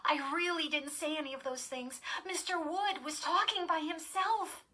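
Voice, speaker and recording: A woman's voice: moderate pace, pushed and bright. A woman voicing a tearful, trembling young girl. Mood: pleading. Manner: trembling, pleading, shrill. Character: frightened tearful twelve-year-old girl.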